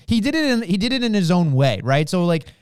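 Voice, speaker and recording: Smooth-voiced man chatting about wrestling. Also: sits high, big pitch swings, fast talker, a little mellow, no echo, studio quality. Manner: rambling, restarts sentences, acts out quotes. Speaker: podcast co-host. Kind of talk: casual wrestling chat.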